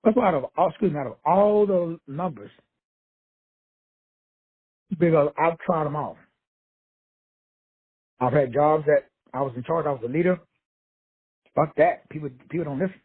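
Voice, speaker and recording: A man's voice: fairly high pitch, normal speed, long pauses, husky. A middle-aged man giving a blunt, profane, streetwise motivational talk over a call. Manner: profane, brash, streetwise preaching. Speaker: motivational teacher. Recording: phone-line call audio.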